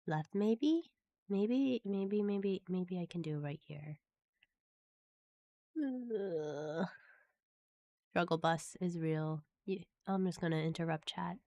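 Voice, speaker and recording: A woman's voice: on the low side, slow pace, long pauses, mellow. A woman streamer chatting casually with her viewers while playing a game and reading its text aloud. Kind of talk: casual live-stream chat while gaming.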